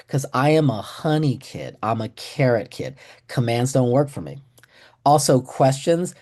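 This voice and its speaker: A man's voice: mid-range voice, lively intonation, normal speed, darkish tone. A middle-aged man from Texas giving a casual, joking webinar training on a video call, with self-deprecating humor. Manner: joking, self-deprecating, acts out quoted voices. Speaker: trainer presenting to clinicians.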